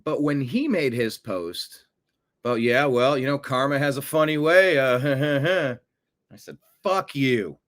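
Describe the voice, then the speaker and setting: A man hosting a profane political rant, swinging from low mutters to loud outbursts. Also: slow pace. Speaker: political commentary host.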